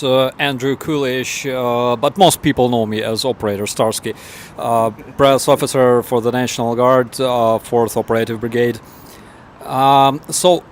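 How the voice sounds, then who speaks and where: A man, a military press officer, giving a casual update in a halting way, with fillers. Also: mid-range voice, slight background noise.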